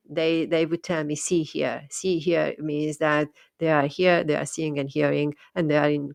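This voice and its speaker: A woman's voice: deep voice, creaky, dry recording, studio quality. A woman talking thoughtfully about her experiences as a medium, often repeating and restarting words. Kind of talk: casual monologue.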